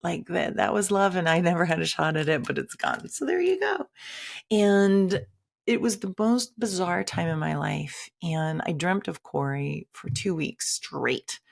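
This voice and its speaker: A woman's voice: on the low side, lively intonation, a little slow, creaky. A woman telling a personal story in a candid, conversational way, acting out quoted lines dramatically. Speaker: shaman and teacher.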